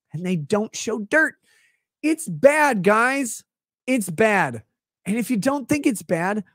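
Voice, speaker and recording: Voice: medium pitch, fairly bright tone, no echo. Sarcastic, swearing livestream ranter, dry sound. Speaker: livestream commentator. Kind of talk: profane comedic rant.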